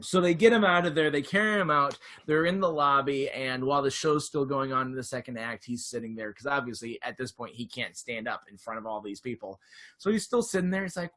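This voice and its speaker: Animated man retelling a comedy episode. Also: a little high, brisk. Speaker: podcast co-host. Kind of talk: casual chat.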